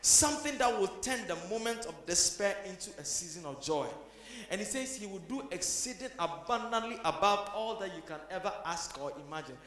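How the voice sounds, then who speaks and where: A man preaching a sermon, moving from hushed passages up to shouted emphasis. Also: sits high, animated, brisk, echoey room.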